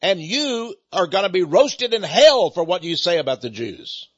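An indignant older man scolds insistently, as a husky-voiced speaker quotes him. The delivery is heightened and lively, on a dull lo-fi recording. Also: medium pitch, slow, dry recording, heavily acted. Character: angry older male heckler, indignant.

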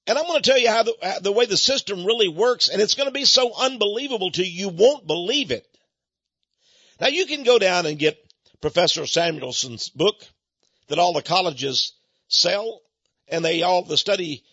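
A man's voice: high-pitched, a bit bright, slightly rough, no echo, muffled recording. An older American man giving a folksy, indignant monologue, like a radio host selling goods and ranting about money. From United States.

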